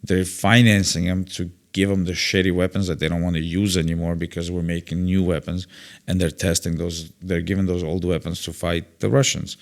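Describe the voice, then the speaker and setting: A comedian guest with a low voice talks briskly, telling stories during a casual conversation. He's an animated, outspoken storyteller who voices the people he quotes and swears at will.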